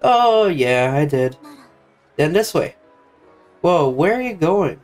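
A young man reading a visual novel aloud and switching between its characters, his voice sitting a little high. He breaks in with joking asides of his own. Faint music plays behind him. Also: very animated, slow, a little mellow. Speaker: gameplay narrator. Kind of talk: reading game dialogue aloud with commentary.

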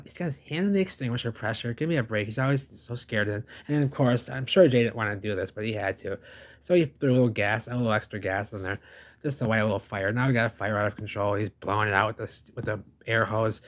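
A man giving excitable, casual commentary over a video, repeating phrases, asking rhetorical questions and swearing freely. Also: mid-range voice.

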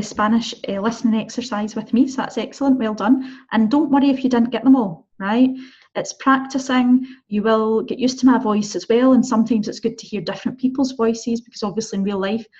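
A woman's voice: a little high, fairly even intonation, brisk, darkish tone, highs cut off. A woman teaching a beginners' Spanish lesson, often checking in with the learner. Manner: encouraging, checks in with "okay?" and "right?". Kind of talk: online language lesson.

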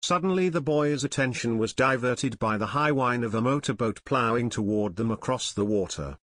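Man, audiobook narrator, steady measured telling, mid pitch, dry close sound. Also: no echo. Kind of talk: scripted narration.

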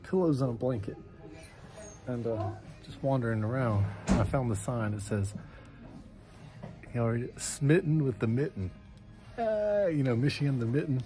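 A man's voice: mid-range voice, moderate pace, pauses often, music in the background. A man in a casual vlog, rambling and joking about himself as he goes about his day in a town in winter. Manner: rambling, self-mocking, chatty. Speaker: vlogger.

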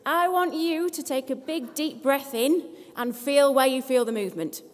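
A woman speech therapist talks a seated audience through posture, breath and sound exercises. She is brisk and encouraging, with a touch of self-deprecating humour. Her fairly high voice rings out in a hall with a long reverb. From England. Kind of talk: live workshop talk leading an audience in voice exercises.

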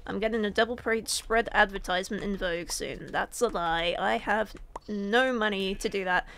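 A woman's voice: mid-range voice, normal speed, vocal fry, fairly bright tone, slight background noise. A young woman casually commentating her gameplay as a gaming YouTuber, rambling in a comically dramatic, self-mocking way.

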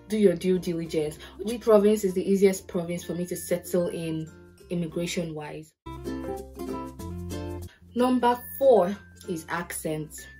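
Warm-voiced woman giving direct advice. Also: fairly low pitch. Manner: direct, list-driven advice with personal anecdotes. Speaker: podcast host. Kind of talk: advice talk to camera. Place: lives in Ontario, Canada.

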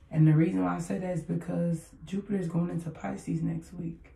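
A woman with a warm, lower voice talks straight to her listeners in a loose motivational monologue. She is blunt, circles back to her points again and again, and swears without a second thought. She sits a little back from the mic in a room with plenty of echo. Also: little pitch movement, fairly quick, vocal fry, hardly any pauses. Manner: blunt, emphatic, repeats herself, swears freely. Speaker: podcast host. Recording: echoey room, voice far from mic.

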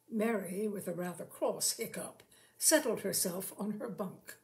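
Woman narrator for a short-story reading; slow, measured, even-toned delivery. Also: mid-range voice, vocal fry. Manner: slow, measured delivery, lifting her voice for quoted lines. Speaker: storyteller reading fiction aloud. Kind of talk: unhurried literary reading with acted dialogue.

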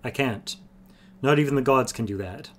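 A man's voice: medium pitch, moderate pace, a bit bright, voice pushed up, close to an everyday voice. A man voicing an ancient, wry old male sorcerer who explains things blandly and patiently. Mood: wry explaining.

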